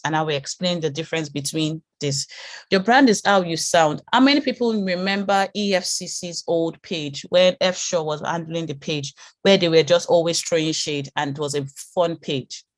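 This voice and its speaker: Calm, reassuring woman teaching a class. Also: deep voice, moderate pace, no room sound, clean studio sound. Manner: calm, reassuring, repeats words while thinking. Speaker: branding teacher. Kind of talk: online class lecture.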